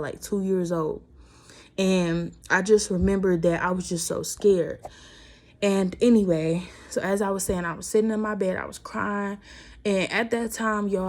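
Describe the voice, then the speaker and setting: A woman's voice: medium pitch, a little mellow. A young woman telling a personal story to her viewers in a casual vlog, emotional and fighting back tears as she talks.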